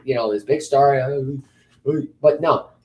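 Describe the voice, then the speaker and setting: A man co-hosting a casual wrestling recap, blunt and ranting, quick to call things terrible. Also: medium pitch, slight background noise. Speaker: podcast co-host.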